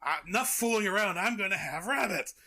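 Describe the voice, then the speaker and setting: A man's voice: mid-range voice, animated, slow, sharp tone, exaggerated voice. A man imitating a hungry, dim cartoon dog in a hammy way. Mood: gleeful. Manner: hammy, exaggerated.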